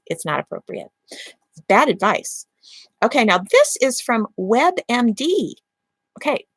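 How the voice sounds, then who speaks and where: A woman's voice: fairly high pitch, fairly bright tone, no room sound. A woman hosting a parenting advice channel, reading quotes aloud and criticising them emphatically. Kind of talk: casual critical commentary.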